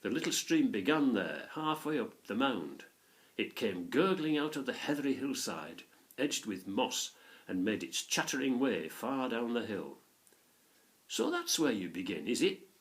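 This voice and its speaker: A man reading a children's story aloud in an expressive storytelling manner. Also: mid-range voice, measured pace. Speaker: narrator.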